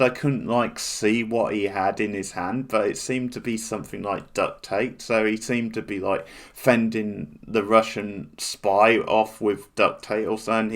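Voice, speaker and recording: Deep-voiced man rambling through a TV review. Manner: rambling, with many restarts and fillers. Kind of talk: casual spoken review.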